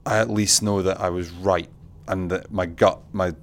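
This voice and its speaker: A man's voice: low voice, normal speed, a little hiss or hum. A man, a venue manager and artistic director, chatting in an interview and acting out his own reactions. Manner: animated, acts out quoted reactions, laughs often. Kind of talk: casual conversational interview.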